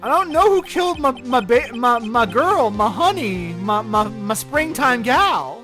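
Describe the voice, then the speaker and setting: A hysterical young man in a video game, wailing melodramatically and tripping over his words, as a man puts him on. His voice climbs high and swings wildly. Faint music sits in the background. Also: big pitch swings, a little slow, pushed and bright, exaggerated voice. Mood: stammering.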